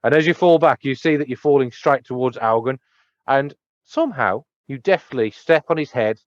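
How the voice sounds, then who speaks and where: A man's voice: moderate pace, no room sound. A man narrating a tabletop role-playing game as dungeon master, rambling with laughs. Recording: dull low-fi dry mic.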